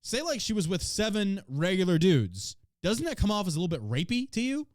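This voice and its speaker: A man's voice: high voice, very animated, brisk, no room sound, studio quality. A man hosting a podcast in casual chat, brash, profane and mocking as he reacts to the news and to his chat. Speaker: podcast host.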